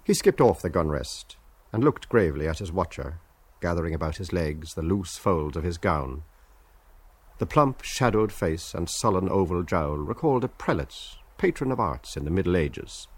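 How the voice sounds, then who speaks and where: A man narrating a novel as an audiobook in a measured, stately way. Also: sits low, expressive, husky.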